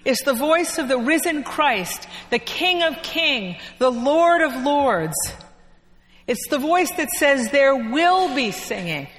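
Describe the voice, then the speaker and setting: Slow high-voiced woman preaching in a church. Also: animated, a bit bright. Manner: unhurried storytelling preaching with dramatic pauses. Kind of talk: sermon. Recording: long echo of a church hall.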